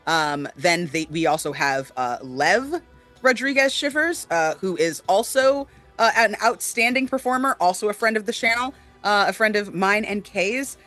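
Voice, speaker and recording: Guy cohosting a chat show, kinda high bright voice, lots of ums, earnest. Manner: earnest, many fillers, warm shout-outs. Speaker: co-host. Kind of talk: casual chat.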